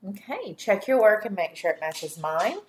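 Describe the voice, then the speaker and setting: A woman teacher giving a slow dictation lesson to young children, speaking clearly and deliberately and drawing out each syllable. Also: mid-range voice, very animated, slight background noise. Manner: clear, deliberate, spells words and stretches syllables.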